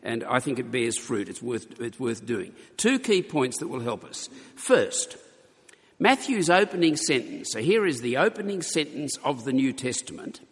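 A man preaching a sermon to his congregation, earnest and emphatic, slowing for weight and stumbling over restarts now and then. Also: medium pitch, big pitch swings, husky. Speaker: pastor. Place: church. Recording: long hall reverb.

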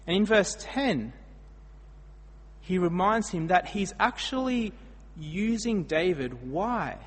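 Taking it slowly, an Australian man gives an animated storytelling sermon in a husky, slightly high voice. He moves between loud emphatic bursts and quiet asides, dramatic swings that ring out in a hall with a long echo.

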